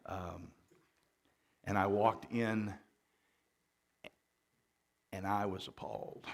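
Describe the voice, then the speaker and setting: A middle-aged man, a pastor telling stories in a relaxed, joking sermon full of fillers. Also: fairly low pitch, extremely slow, creaky, long pauses, a little hiss or hum. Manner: folksy storytelling with jokes and fillers; louder and more forceful after the mic change. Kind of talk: conversational sermon. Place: church.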